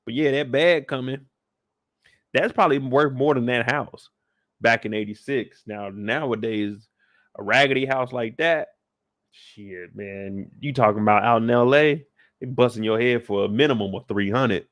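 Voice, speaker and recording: A man's voice: medium pitch, normal speed, fairly bright tone, no room sound, studio quality. Laid-back slangy man recapping a show. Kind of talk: casual live recap talk.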